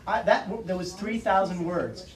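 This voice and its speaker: A man in his forties, an author speaking casually to an audience at a bookstore, animated and laughing often as he acts out quotes. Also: high voice, normal speed. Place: bookstore event room. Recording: roomy audio from far off.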